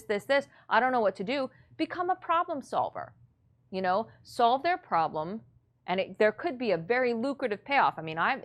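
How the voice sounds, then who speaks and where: A woman teaching real estate investors in a blunt, matter-of-fact, motivational way. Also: mid-range voice. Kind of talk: coaching lesson.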